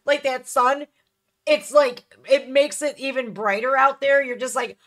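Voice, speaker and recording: A woman's voice: sits high, unhurried. A woman hosting a reaction video who talks casually to her viewers, swears freely and acts out little voices. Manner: profane, animated, acts out voices.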